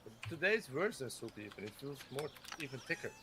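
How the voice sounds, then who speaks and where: A man's voice: mid-range voice, a little fast. A man hosting a game stream, chatting casually and rambling with lots of restarts. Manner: rambling, many restarts and hedging fillers. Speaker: streamer host. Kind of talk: casual chat while gaming. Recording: steady background noise.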